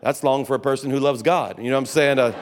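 Here a pastor rattles through a conference sermon at a fast clip, his medium-pitched voice steady in tone. Folksy stories come with restarts, asides, and laughter, recorded with long hall reverb and slight background noise.

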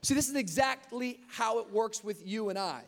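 Young male pastor, high-pitched, animated sermon storyteller in a reverberant hall. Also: moderate pace, vocal fry, faint music behind. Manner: energetic storytelling, rising to shouts. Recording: long reverb of a large hall.

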